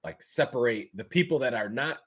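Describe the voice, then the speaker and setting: Measured man reasoning aloud. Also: mid-range voice, expressive, husky. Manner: measured, reasoning aloud, qualifies his points. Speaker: podcast co-host. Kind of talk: casual chat.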